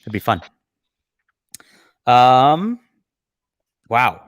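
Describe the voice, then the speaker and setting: Very animated and stretching out his words, this medium-pitched livestream host casually mocks a clip with blunt remarks and plenty of fillers. The recording is dry and studio-clean.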